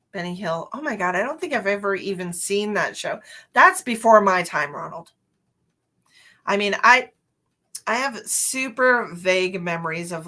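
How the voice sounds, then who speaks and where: A woman's voice: medium pitch, bright, forceful tone. A middle-aged woman hosting a live stream as a psychic medium, chatting casually and laughing often.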